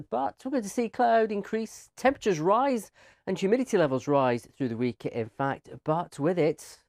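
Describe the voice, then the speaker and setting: A woman with a low voice delivering the weather forecast, chatty and upbeat. The sound is dry and close, with no room around it. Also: a little mellow, no room sound. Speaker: weather presenter.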